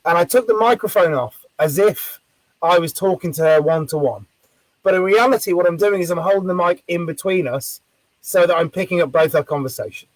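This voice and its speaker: A man who works as a street performer, telling a story in casual chat, animated and swearing freely. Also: high-pitched, fairly quick, dry recording, low-quality recording. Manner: animated, acts out quoted voices loudly.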